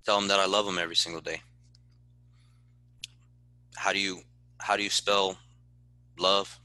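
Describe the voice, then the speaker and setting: A man's voice: deep voice, little pitch movement, moderate pace, bright, forceful tone, smooth, dry recording. A man who is a football head coach, answering in a podcast interview in an earnest, passionate way and repeating words when he stresses a point.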